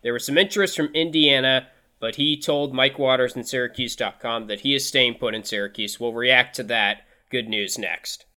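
A man hosts a casual sports podcast with a bright, forceful voice at a middle pitch. He chats in an upbeat, conversational way, often restarting his sentences as he thinks aloud. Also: fairly even intonation, normal speed. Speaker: podcast host.

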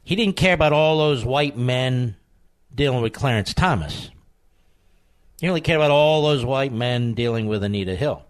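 A man hosting a political talk radio show, combative and emphatic, with sudden high outbursts. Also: animated, normal speed, clear, resonant tone.

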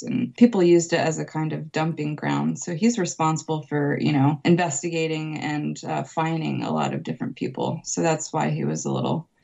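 A woman telling a story as a podcast guest from her home, lively, laughing often and acting out voices. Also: low voice, vocal fry. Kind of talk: casual storytelling interview.

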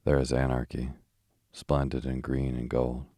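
A man's voice: very deep voice, completely flat delivery, unhurried, warm tone, no room sound, studio quality. A man reading the lines of a fervent, defiant male anarchist poet in a sleep audiobook. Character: intense fiery-haired male anarchist poet.

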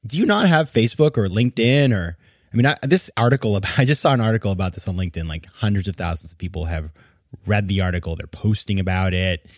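A man's voice: on the low side, animated, quick pace, no room sound. Indignant male podcast host, dry sound. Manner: indignant, emphatic, laughs in disbelief. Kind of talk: opinionated monologue.

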